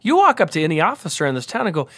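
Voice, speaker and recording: South dakota guy telling a wild tour story, does all the voices, high-ish voice, dead dry mic. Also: very fast, dry recording. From Spearfish, South Dakota. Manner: animated storyteller, acts out quoted voices. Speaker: guest, brewery sales rep. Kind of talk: casual storytelling chat. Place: home room with dogs around.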